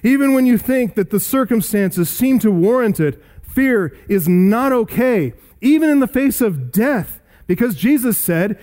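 A man's voice: very high-pitched, animated, unhurried, few pauses, a little mellow. A man preaching a sermon in an earnest, emphatic way, repeating key phrases for weight. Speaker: pastor.

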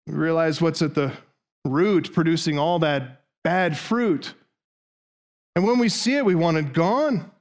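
A man's voice: on the high side, unhurried. A man preaching a sermon, driving his point with long runs of rhetorical questions. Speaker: pastor.

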